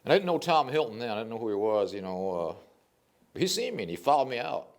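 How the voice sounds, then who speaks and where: An older man, a poet, telling stories in a casual interview, animated and rambling, with frequent restarts. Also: medium pitch, quick pace.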